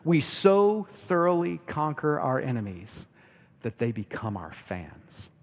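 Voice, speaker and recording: Male pastor, middle register, dynamic sermon delivery from loud to hushed, long reverb of a large hall. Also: mid-range voice, sing-song, slow. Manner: swings from loud emphatic to hushed near-whispers.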